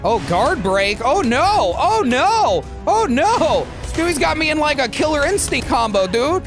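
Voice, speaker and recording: Excitable gameplay streamer, wide-swinging pitch. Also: a little slow, hardly any pauses, music in the background. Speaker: gameplay channel host. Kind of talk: casual gameplay commentary.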